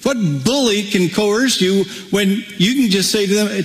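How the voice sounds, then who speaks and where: A man preaching a sermon as pastor, animated, breaking into playful acted-out asides. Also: high voice, unhurried, in a large hall, poor audio.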